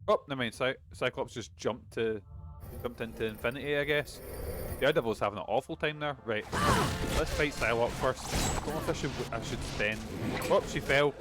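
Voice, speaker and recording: A man's voice: medium pitch, normal speed. A man streaming a video game, chatting casually and rambling with plenty of swearing. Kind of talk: casual gaming commentary. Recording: game music behind.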